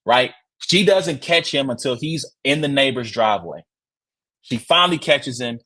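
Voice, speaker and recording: A man hosting a sports podcast, telling stories in a casual, excitable way and often tossing in "right?" asides. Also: medium pitch. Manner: excitable, acts out quotes with loud shouts; conversational, rhetorical asides like "right?". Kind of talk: casual sports reaction and storytelling.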